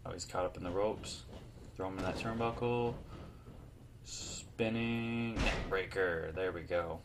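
A man giving casual, joking let's play commentary, reacting excitedly to the game and trash-talking his opponent. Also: low voice, a little slow, noisy background. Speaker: gaming YouTuber.

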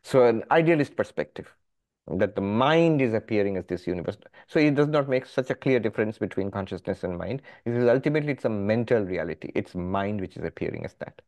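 Man giving a lively philosophy lecture. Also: lowish voice, a little fast. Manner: discursive, explaining step by step with lively emphasis. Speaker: monk teaching a scripture class.

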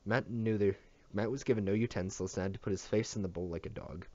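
A man's voice: on the low side, fast, darkish tone. A man reading a novel aloud in a plain manner, sometimes stumbling and correcting himself. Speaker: audiobook reader. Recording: dull dry lo-fi home recording.

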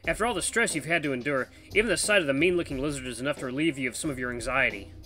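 A man narrating a visual novel at a quick clip, in a bright, forward voice. His storytelling is brisk and lively, with faint music under him. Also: mid-range voice.

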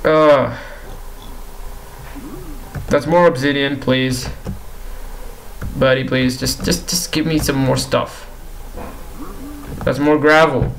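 A man's voice: mid-range voice, steady tone, takes it slowly, long pauses, a little hiss or hum, low-quality recording. A young man giving casual commentary while playing a game, pleading with and teasing the characters on screen and repeating himself in exasperation. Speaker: gaming YouTuber.

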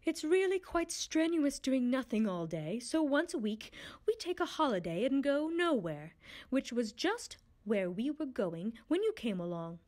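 Lazy Lethargerian creatures, drowsy and lilting, read by a woman; lively pitch. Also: unhurried.

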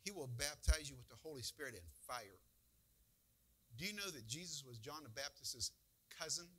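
Bright-voiced man preaching a folksy sermon. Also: mid-range voice, animated, normal speed, breathy edge, low-quality recording. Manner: folksy, conversational preaching with emphatic bursts. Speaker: pastor.

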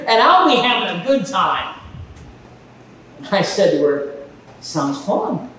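A man preaching a sermon as pastor, animated in his storytelling and acting out quoted exchanges. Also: high voice, measured pace, pauses often. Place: church hall. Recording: echoey hall from far off, faint noise.

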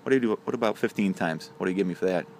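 A man's voice: deep voice, racing, a little mellow, a little hiss or hum. A man voicing a cocky young farm lad who asks eager, rising questions.

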